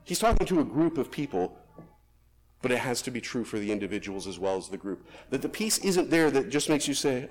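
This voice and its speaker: A man preaching a sermon, rising to emphatic peaks and dropping to soft, hushed phrases, then praying slowly and quietly. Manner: lively, swinging between emphatic rises and soft hushed drops; soft, low, slow prayer voice. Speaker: pastor.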